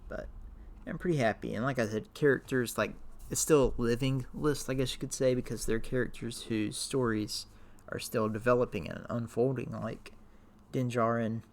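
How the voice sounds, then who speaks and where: Man, casual vlogger, mid-pitch, gravelly edge; tired, rambling, hesitant delivery. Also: steady tone, moderate pace. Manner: rambling, hesitant, many fillers. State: tired, voice wearing out. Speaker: youtuber ranking characters. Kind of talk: casual talk to camera.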